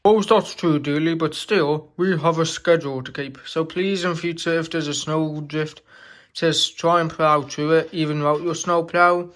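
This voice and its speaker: A man's voice: fairly high pitch, steady tone, normal speed, fairly bright tone, lightly acted. A man voicing a bossy male railway controller who scolds an engine. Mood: scolding. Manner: scolding, insistent.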